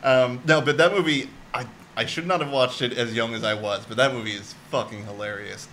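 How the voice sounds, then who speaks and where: A man with a mid-pitched, bright voice, chatting casually about films. He rambles as he recounts scenes and laughs along as he goes, with faint room ambience behind him. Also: fairly even intonation, a little fast, slight background noise. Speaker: podcast co-host. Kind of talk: casual chat about movies.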